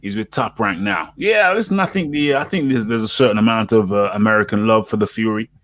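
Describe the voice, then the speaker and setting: A British man hosting a casual boxing chat, animated and laughing often, repeating his words as he goes. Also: lowish voice, fairly quick. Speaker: host.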